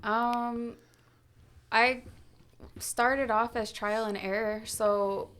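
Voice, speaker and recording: A woman's voice: a little high, fairly even intonation, very slow, a bit bright, clear, resonant tone. A woman tattoo artist talking casually as a podcast guest, with lots of "like" and "um" fillers. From Canada/US Mohawk territory. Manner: laughs often, many "like" and "um" fillers. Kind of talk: casual chat.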